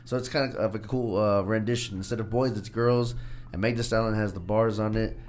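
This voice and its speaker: A man's voice: lowish voice, steady tone, brisk, a little mellow, a little hiss or hum. A young man co-hosting a casual podcast chat, talking in a laid-back, slangy, rambling way. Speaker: podcast co-host, music segment.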